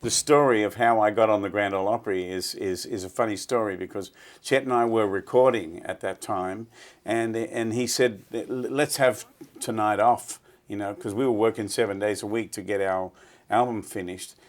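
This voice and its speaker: Middle-aged australian guy, lowish voice, rambling chatty stories. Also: fairly even intonation, normal speed. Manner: chatty, repeats words while recalling stories. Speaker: guest musician. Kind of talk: relaxed storytelling interview.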